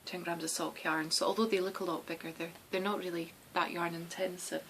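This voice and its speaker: A woman's voice: lowish voice, flat delivery, a little fast, fairly bright tone, a little hiss or hum, low-quality recording. A Scottish woman hosting a knitting podcast, chatting casually and meandering with lots of restarts and ums. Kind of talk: casual chat.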